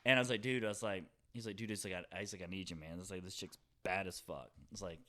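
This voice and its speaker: A man's voice: fairly low pitch, fast, sharp tone. A man, casually telling a long story on a podcast and filling his talk with "you know" and "whatever.". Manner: rambling, heavy fillers like "you know" and "whatever".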